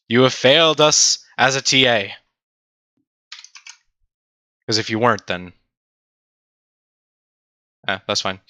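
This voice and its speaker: Excitable young male tutor, bright voice. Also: medium pitch, normal speed, long pauses, dry recording. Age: young adult. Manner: animated, self-mocking, talks to chat. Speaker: teaching assistant. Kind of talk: livestreamed programming tutorial.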